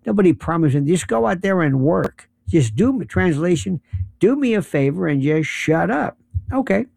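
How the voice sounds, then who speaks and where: A man with a gravelly, mellow voice rants sarcastically, his pitch leaping up and down as he mocks the people he quotes. The sound is close and dry, with no room behind it. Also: animated, moderate pace, no echo. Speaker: commentator. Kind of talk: monologue.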